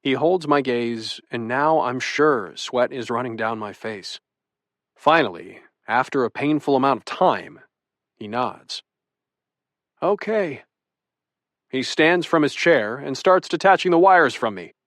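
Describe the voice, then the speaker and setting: A man's voice: medium pitch, expressive, measured pace, fairly bright tone, no echo. Wry young man narrating an audiobook. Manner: wry, comic, self-deprecating storytelling. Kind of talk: first-person romance audiobook narration. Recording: dry studio booth.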